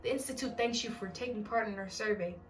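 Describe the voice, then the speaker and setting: A woman's voice: mid-range voice, fast talker, close to an everyday voice. A woman doing a stiffly polite young man posing as a surveyor. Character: young man faking a formal survey-taker voice. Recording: distant mic with background music.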